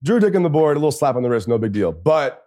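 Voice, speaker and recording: A man's voice: medium pitch, sing-song, racing, dark tone, dry recording, clean studio sound. A man in his thirties, a former football player, telling casual stories as a podcast guest, laughing often and swearing freely. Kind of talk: casual storytelling.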